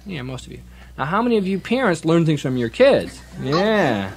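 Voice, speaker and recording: A man's voice: a little high, big pitch swings, normal speed. A man, a children's folk singer, chatting playfully and quizzing a young audience between songs in a radio studio. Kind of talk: live children's concert patter. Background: acoustic guitar.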